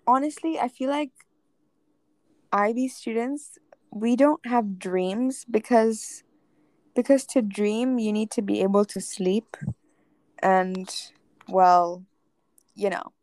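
A teenage girl with an American accent, co-hosting a casual podcast chat and rambling through jokes and quick asides. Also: a little high, a little mellow, no echo. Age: teens. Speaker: podcast co-host.

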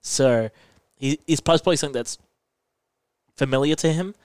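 A man's voice: a little high, normal speed, a little mellow, smooth, no room sound. A man co-hosting a podcast in casual chat, eagerly explaining a plot and laughing often. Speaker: podcast co-host.

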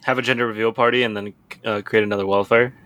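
A man's voice: lowish voice, steady tone, quick pace, fairly bright tone, no room sound. Joking young man chiming in. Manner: joking interjections. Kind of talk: casual chat.

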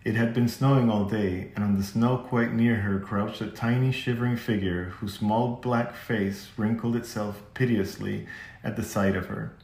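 A man narrating a children's classic as an audiobook in a steady, measured way. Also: lowish voice. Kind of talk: scripted narration. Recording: echoey room.

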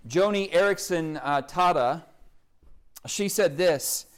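A man's voice: a little high, unhurried, smooth. A man preaching a sermon, emphatic, reciting scripture in rising, building lists. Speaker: pastor.

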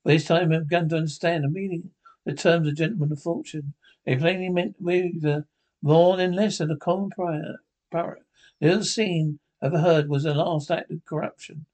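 A man narrating a classic adventure novel aloud in a measured, plain reading voice. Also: on the high side, fairly even intonation, a little mellow. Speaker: audiobook reader. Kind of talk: storybook narration.

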